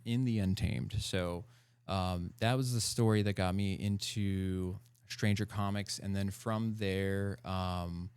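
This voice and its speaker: A man talking as a podcast guest in casual chat, animated and full of fillers and laughs, close to the mic. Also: low voice, smooth, dry recording.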